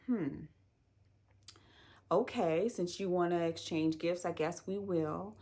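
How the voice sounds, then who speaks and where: A woman's voice: lowish voice, slow, mellow. A woman doing an oblivious young husband. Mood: puzzled.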